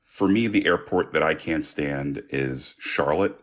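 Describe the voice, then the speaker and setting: A male caller from Atlanta with a very deep voice. He chats in a friendly, relaxed way. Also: measured pace. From Atlanta, USA. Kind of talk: casual chat.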